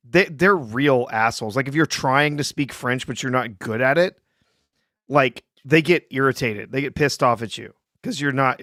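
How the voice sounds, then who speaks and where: Laughing, halting man on a podcast. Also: mid-range voice, fairly bright tone, no echo, clean studio sound. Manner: laughs often, halting and self-correcting. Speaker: co-host. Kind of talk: casual podcast chat.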